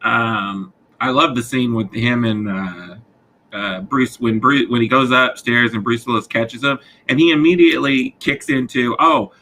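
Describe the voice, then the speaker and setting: A man's voice: mid-range voice, measured pace, sharp tone, poor audio. A man co-hosting a podcast, talking casually and enthusiastically about a favorite movie. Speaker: podcast co-host.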